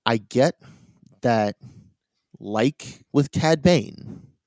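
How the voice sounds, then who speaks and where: A man's voice: mid-range voice, lively intonation, drawn-out words, a little mellow, no echo, low-quality recording. A man co-hosting a podcast, chatting casually and rambling, often laughing at his own points. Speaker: podcast co-host. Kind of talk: casual chat.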